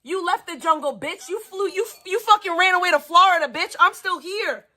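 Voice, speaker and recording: A woman's voice: extremely high pitch, fairly quick, bright, forceful tone. A woman ranting profanely and taunting someone on a home livestream. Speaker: streamer. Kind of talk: angry livestream rant.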